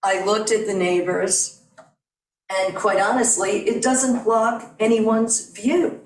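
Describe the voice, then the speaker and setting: A woman's voice: medium pitch, steady tone, slow, a little hiss or hum. A middle-aged woman giving earnest, digressive public comment in support of a neighbor at a town meeting. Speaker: neighbor speaking at a public hearing. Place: town meeting room at a podium. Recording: distant mic in an echoey room.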